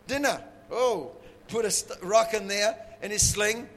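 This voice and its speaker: A high-voiced man preaching with bright, forceful energy, acting out a story with playful sound effects. His voice rings in a large hall with a long echo and faint ambience behind. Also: unhurried. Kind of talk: animated sermon storytelling.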